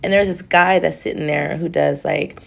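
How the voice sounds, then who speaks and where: Treating her viewers like family, a woman tells a story in a casual vlog and gives each person in it their own voice. She speaks at normal speed in a low, creaky voice with a steady tone.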